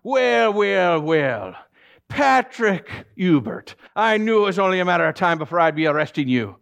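A man's voice: high-pitched, big pitch swings, moderate pace, vocal fry, fairly bright tone, voice pushed up, full character voice. Man playing a smug, gloating police officer. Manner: drawling and gloating.

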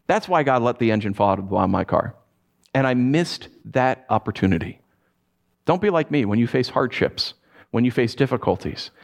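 Animated storytelling pastor, a man. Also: medium pitch, a little fast. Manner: animated storytelling, acts out his own frustrated voice. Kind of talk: sermon.

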